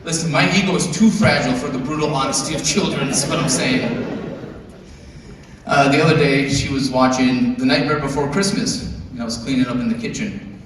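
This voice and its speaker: A man in his thirties performing a stand-up comedy set, telling stories in a deadpan way and jumping into high, squeaky voices to act out quotes. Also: a little fast, heavy background noise. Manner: deadpan storytelling with sudden high-pitched acted-out quotes. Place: large theater stage. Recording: echoey theater from far off with audience laughter.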